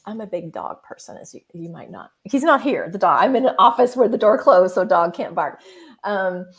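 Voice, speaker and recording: A woman author and business mentor, a guest on a video call from a closed office, talking in an animated way and acting out inner voices in little quoted asides. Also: medium pitch, moderate pace. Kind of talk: animated interview talk. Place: home office with the door closed.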